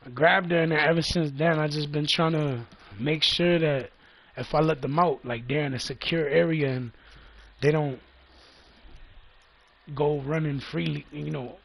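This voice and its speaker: A man's voice: fairly high pitch, creaky. A man telling a loose, profane story in a casual vlog, often repeating himself. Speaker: vlogger.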